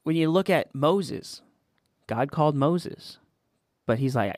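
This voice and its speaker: A man's voice: on the high side, expressive, takes it slowly, pauses often, darkish tone, no room sound, clean studio sound. Earnest, encouraging podcast host, a man. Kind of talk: casual faith podcast chat.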